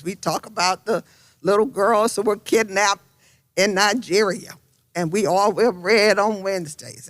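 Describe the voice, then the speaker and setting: An older woman speaking as a congresswoman at a community roundtable, effusive and telling stories. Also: no room sound. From South Florida. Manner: effusive, storytelling, rises high when excited.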